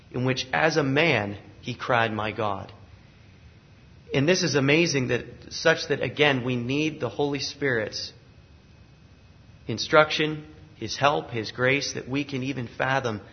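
Earnest male preacher, dull lo-fi sound. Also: mid-range voice. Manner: earnest, building emphasis with repeated phrases. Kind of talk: sermon. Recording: slightly dull lo-fi recording.

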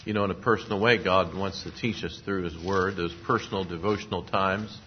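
A man preaching a sermon, speaking at a measured pace and lifting his voice when quoting scripture. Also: deep voice, fairly even intonation. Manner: measured preaching, rising emphasis on scripture quotes. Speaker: pastor. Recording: dull lo-fi sound, faint noise.

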